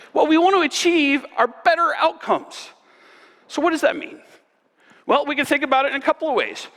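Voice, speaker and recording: A man's voice: very high-pitched, bright, forceful tone. A man giving a university keynote talk at a conference, earnest and often tagging his points with "right?". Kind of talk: keynote presentation. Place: large conference hall. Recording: long hall reverb.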